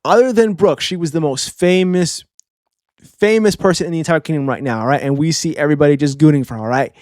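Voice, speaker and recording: Excitable slangy man, dry close sound. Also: on the high side, fast, dry recording. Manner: excitable, slangy, keeps tagging "all right?". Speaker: manga reviewer. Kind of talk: casual reaction commentary.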